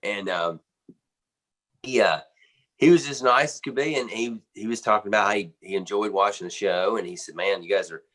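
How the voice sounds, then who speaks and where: Low-pitched American man, guest drummer, loose chatty anecdote with lots of "um" and "you know". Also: moderate pace, fairly bright tone. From United States. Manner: rambling storyteller, many fillers and restarts, laughs often. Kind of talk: casual anecdote in an interview.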